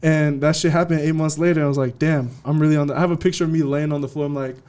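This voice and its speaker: Young man, California, DJ guest on an interview, slangy, animated storytelling, warm low-bright voice. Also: rapid-fire, clear, resonant tone. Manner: slangy, animated, acts out quotes.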